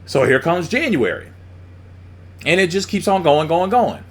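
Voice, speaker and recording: Male commentator, blunt and profane, lively swinging pitch, a bit high-voiced. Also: a little slow. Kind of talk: opinionated monologue.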